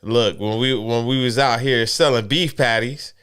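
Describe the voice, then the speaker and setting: A man's voice: mid-range voice, steady tone, normal speed, a bit bright, clear, resonant tone. A man co-hosting a casual podcast chat, asking questions in a laid-back, curious way. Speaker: podcast co-host.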